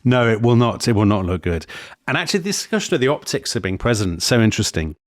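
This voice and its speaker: A man co-hosting a history podcast, telling the story in a lively, digressive way with frequent self-corrections. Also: on the low side, quick pace, no echo, clean studio sound. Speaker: podcast co-host.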